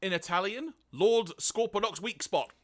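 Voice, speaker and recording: A man co-hosts a casual podcast and reads his notes in a lively voice that climbs and falls a lot. His tone is bright and a little raised. He often breaks off to laugh. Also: sits high, moderate pace. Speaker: podcast co-host.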